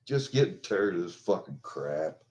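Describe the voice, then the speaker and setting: Older american guy ranting and cussing, dark mellow voice. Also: sits low, sing-song, moderate pace, lo-fi sound. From United States. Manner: swears constantly, ranting. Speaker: vlogger. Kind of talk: angry venting vlog.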